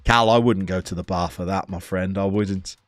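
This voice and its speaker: A man, live-streaming a football game, reading out viewers' messages and commenting on the match in a chatty, playful way with sudden bursts of excitement. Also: sits low, normal speed, dry recording, soft background music. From England.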